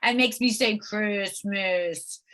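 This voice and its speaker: Middle-aged actress, high voice, animated. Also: female voice, moderate pace. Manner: animated storyteller, lots of "like". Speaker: actress guest. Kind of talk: casual interview anecdotes.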